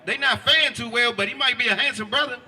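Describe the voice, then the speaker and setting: A man's voice: very high-pitched, quick pace. A man preaching on a city street, firing pointed questions at passersby. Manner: forceful, quizzes listeners with pointed questions.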